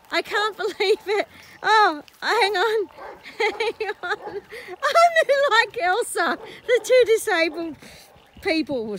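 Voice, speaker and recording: Filming on her handheld phone in a muddy paddock, a horse owner gushes and laughs in disbelief in an excited, casual vlog. Her voice is very high and fairly bright, with slight background noise.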